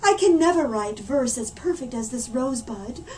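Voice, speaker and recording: A woman's voice: sits high, expressive, normal speed, darkish tone. A woman voicing a musing, wistful female poet in a storybook. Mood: sad. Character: dreamy tearful female poet. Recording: distant mic, faint room hum.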